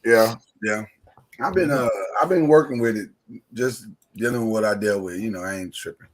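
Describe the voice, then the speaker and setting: This podcast co-host has a fairly low-pitched voice at normal speed, caught on a rough recording. He's joking around in a studio, animated and playful, slipping into a mock preacher style as the casual chat turns to church-service banter.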